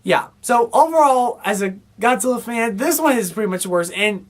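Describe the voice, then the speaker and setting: A woman's voice: a little high, lively intonation, normal speed. Exasperated woman ranting a movie review. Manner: exasperated, rambling, lots of "I mean" fillers. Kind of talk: casual film review rant.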